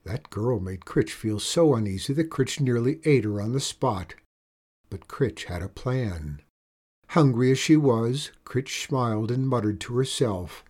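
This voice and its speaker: A man reading a children's story aloud in a steady, measured way. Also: medium pitch.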